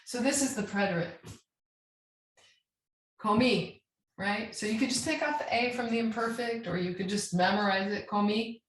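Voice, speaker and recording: A woman's voice: a little high, moderate pace, pauses often. A woman teaching a Spanish grammar lesson, patient and checking in often as she spells out verb endings. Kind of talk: classroom lesson. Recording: echoey room.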